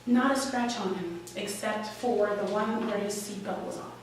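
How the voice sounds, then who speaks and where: A woman's voice: medium pitch, normal speed, slight background noise. Candid woman telling a story live, echoey. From Washington Heights, New York. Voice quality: candid, wry, emotional. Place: live story slam venue. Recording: echoey room, distant mic, faint ambience.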